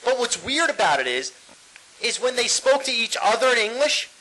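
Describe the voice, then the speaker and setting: A man's voice: very high voice, sing-song, moderate pace, bright, forceful tone, rough recording. A man, co-hosting a casual podcast, ranting with plenty of swearing and frequent laughter. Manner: ranting, profane, laughs often. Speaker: podcast co-host.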